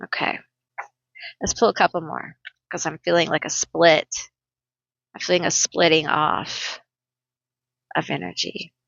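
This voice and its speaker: A woman's voice: deep voice, little pitch movement, unhurried, creaky, pauses often, fairly bright tone, no room sound, highs cut off. A woman doing a casual tarot card reading for viewers, chatty and emotional, thinking aloud as she pulls cards. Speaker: tarot reader.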